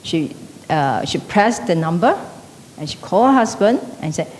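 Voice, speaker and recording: A woman's voice: big pitch swings, normal speed, darkish tone. A woman teaching an evening class, lecturing conversationally and checking in with the class through frequent tag questions. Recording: echoey hall with faint rumble.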